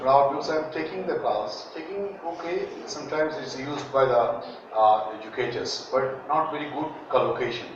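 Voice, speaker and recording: A man's voice: mid-range voice, moderate pace, background noise. A Bangladeshi man, a native Bengali speaker, teaching English pronunciation in a classroom, saying words for students to repeat and joking as he goes. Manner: drills words for students to repeat, jokes and chuckles. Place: large classroom. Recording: very echoey, distant, muffled room recording.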